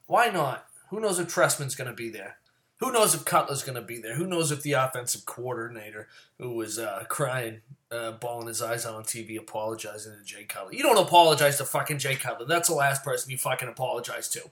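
A man talks through his fantasy football lineup in a loose, swearing rant, with a voice pitched in the ordinary middle range. He gets loud and heated on his tangents, then sinks back to low, mumbled asides. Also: a little fast. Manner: profane, rambling and ranting, swears often.

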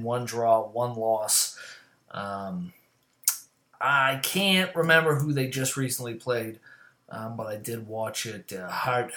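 A man's voice: mid-range voice, fairly bright tone. Man, sports talk host, casual rundown, rambling, profane, mid-range voice, echoey room. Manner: rambling, profane, self-mocking asides.

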